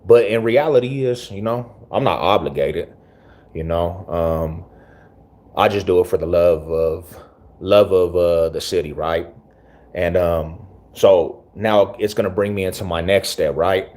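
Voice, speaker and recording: A man's voice: deep voice, measured pace, darkish tone. A man hosting his own channel, talking casually to camera in slangy, rambling speech with many restarts. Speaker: YouTube channel host.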